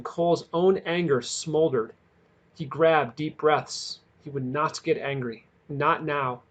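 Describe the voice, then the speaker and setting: A man reads a novel aloud in a measured way, leaning into the dramatic moments. His voice sits a little above the usual pitch for a man, and he keeps a steady storytelling pace. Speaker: audiobook reader.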